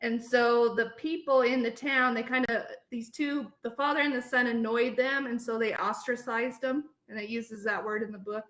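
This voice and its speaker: A woman who teaches preschool retells a picture book in a loose, chatty way. Her voice sits a bit high and sounds bright. It comes over a video call from an echoey room. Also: fairly even intonation, moderate pace, hardly any pauses. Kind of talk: casual sharing in a class discussion.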